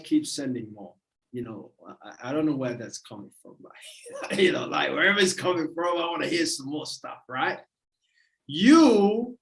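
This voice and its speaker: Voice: medium pitch, creaky. A motivational speaker giving a livestream talk, emphatic and repetitive in a preacherly way. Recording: roomy echo.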